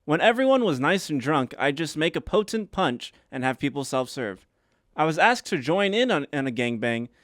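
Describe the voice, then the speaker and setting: A man's voice: a little high, big pitch swings, moderate pace, no echo, studio quality. A man on a comedy podcast reading a listener's letter aloud with emphatic, mock-dramatic delivery.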